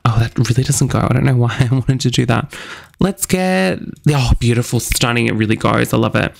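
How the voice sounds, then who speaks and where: Young man, gravelly fry, bubbly gameplay chatter, self-mocking. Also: mid-range voice, lively intonation, fairly quick. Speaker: gaming channel host. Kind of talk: casual gameplay commentary.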